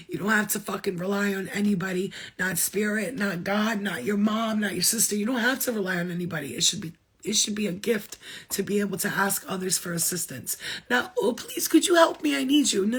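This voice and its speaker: Woman healer preaching at the camera, husky breathy voice, swears a lot, hammers her points home. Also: medium pitch, steady tone, brisk. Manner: blunt, emphatic, swears freely; preachy, repeats phrases for emphasis. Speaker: spiritual healer. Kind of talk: impassioned spiritual talk to viewers.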